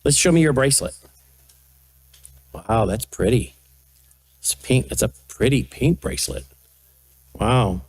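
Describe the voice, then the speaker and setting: An older man, the host, gently coaxing and baby-talking with a small child at a studio news desk. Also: medium pitch, lively intonation, unhurried, pauses often, husky, no room sound. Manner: soft coaxing baby talk. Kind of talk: casual chat with a toddler on air.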